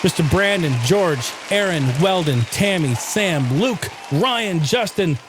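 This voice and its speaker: A man in his thirties hosting his own podcast, telling a rambling, energetic story and swearing casually along the way. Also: sits high, takes it slowly, a crowd in the background, background noise. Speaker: podcast host.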